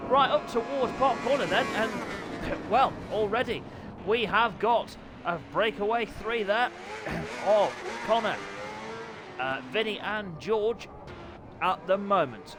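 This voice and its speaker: A man with a high voice calls an online motorbike race, swinging between chatty asides and sudden bursts of excitement as riders crash and pass. He jokes at his own expense and scolds himself mid-commentary. Clear background noise runs under his voice. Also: slow, long pauses. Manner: excitable, self-mocking, talks to himself. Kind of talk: sim racing commentary.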